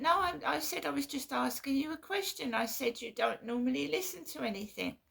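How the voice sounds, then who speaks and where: A woman vlogging in a casual monologue, halting and repeating herself with an aggrieved tone. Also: high-pitched, lively intonation, vocal fry, fairly bright tone.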